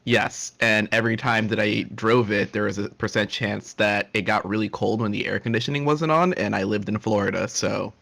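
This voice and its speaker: A man in a casual stream chat, dry and low-key, a little apologetic. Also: normal speed, vocal fry, hardly any pauses, a bit bright.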